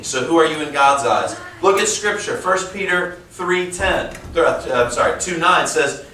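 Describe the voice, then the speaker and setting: A man in his thirties preaches in a big church, his voice bouncing around the hall and picked up from a distance. He talks casually and emphatically, slowing down to stress key phrases. There's a faint hum of the room behind him. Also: fairly high pitch, expressive, bright, forceful tone. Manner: conversational, jokes with the congregation. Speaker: pastor. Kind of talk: sermon. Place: large church auditorium.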